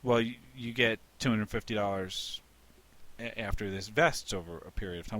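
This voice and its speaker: Bright-sounding guy co-hosting a podcast, dry mic, cusses a lot, keeps restarting. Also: fairly low pitch, brisk, dry recording. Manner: emphatic, swears freely, restarts sentences. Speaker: podcast co-host. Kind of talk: casual banter.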